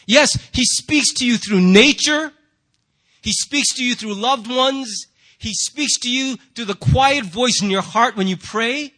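A man preaching a sermon in church, animated and jokey, acting out voices to make his points. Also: very high-pitched, measured pace. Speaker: pastor.

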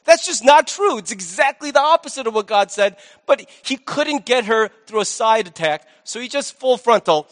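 A male pastor gives an animated sermon at a moderate pace, barely pausing as he mixes conversational delivery with playful asides. His voice is fairly high for a man and a bit bright. A long reverb from a big church hall hangs in the background.

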